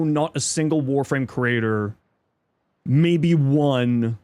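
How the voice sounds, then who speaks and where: A man livestreaming in casual chat, reading viewer messages aloud and thanking subscribers, thinking out loud. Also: no echo. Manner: squeaky high-pitched outbursts of surprise. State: chewing an apple.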